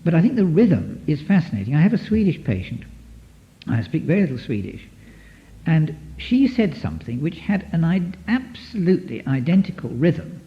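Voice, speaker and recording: Male therapist lecturer, animated and rambling, on a dull archive recording. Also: fairly high pitch, normal speed. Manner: lively, digressive, many restarts, taps out rhythms. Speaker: psychotherapist giving a lecture. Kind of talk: lecture to an audience.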